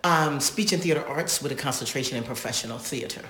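Low-voiced woman telling lively stories. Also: quick pace. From North Carolina. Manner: animated, acts out voices in her stories, laughs often. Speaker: interview guest, actress and singer. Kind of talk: casual interview storytelling. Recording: echoey room.

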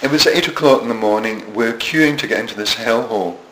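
A brisk, mid-range voice belongs to a Scottish man in his seventies giving a storytelling interview. He laughs at himself through his anecdotes, frequently restarting, and the room is echoey with faint background noise.

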